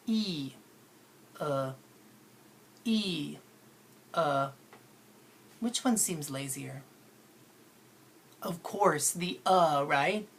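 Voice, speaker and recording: A woman's voice: low-pitched, fairly bright tone, slight background noise. A woman teaching an English pronunciation lesson to camera, playful and coaxing, often asking the learner questions.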